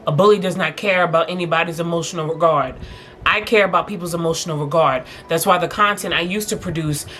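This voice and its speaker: A young woman vlogger telling a personal workplace story in a casual, animated way, laughing at times, with faint music behind her. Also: lowish voice.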